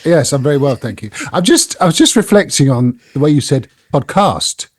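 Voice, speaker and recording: Husky, rambling man. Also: a little high, animated, dry recording. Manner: rambling, halting, many fillers and restarts. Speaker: podcast co-host. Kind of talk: casual chat.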